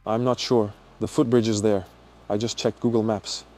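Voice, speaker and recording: A man narrating an exploration vlog as he guides viewers around, talking in an excitable, exclamatory way. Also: fairly low pitch, normal speed, no room sound, faint music behind. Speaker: urban explorer vlogger.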